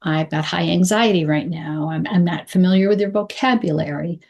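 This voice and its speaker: A woman coaching clear English, speaking deliberately and modeling phrases slowly with pauses. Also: lowish voice, darkish tone. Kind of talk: instructional talk to camera.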